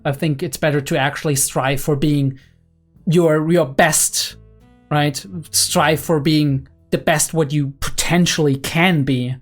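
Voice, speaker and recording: A young man giving casual anime reaction commentary, excited and analytical, often checking in with "right?" and filler "like". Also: on the high side. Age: young adult.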